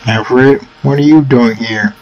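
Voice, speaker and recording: A man voicing a curt, unfriendly young man in a dating game, speaking briskly with a gravelly tone. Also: mid-range voice, darkish tone, highs cut off, close to an everyday voice.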